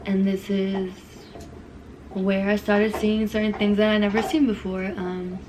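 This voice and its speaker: A young woman speaks in a casual storytime vlog, her pitch sitting in a middle register. She talks hesitantly, leaning on fillers and restarts, and her voice grows quiet and subdued. A faint noise sits under the recording. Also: little pitch movement, unhurried. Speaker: vlogger.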